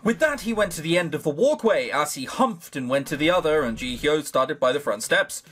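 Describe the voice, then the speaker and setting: A man's voice: fairly high pitch, animated, fairly quick, fairly bright tone, husky. A man reads a visual novel aloud, breaking off for sarcastic jokes and casual swearing. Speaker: let's play host. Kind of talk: reading a visual novel aloud with joking commentary.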